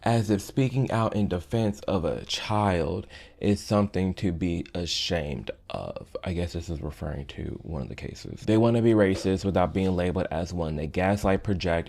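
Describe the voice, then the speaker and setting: A man doing online video commentary, reading posts aloud in a measured, exasperated way. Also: low voice, vocal fry, darkish tone.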